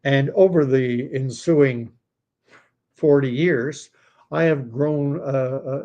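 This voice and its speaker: His voice is mid-range and darkish: a man from Canada, around fifty-something, running a casual livestream. He meanders from topic to topic, stumbling through fillers and frequent restarts.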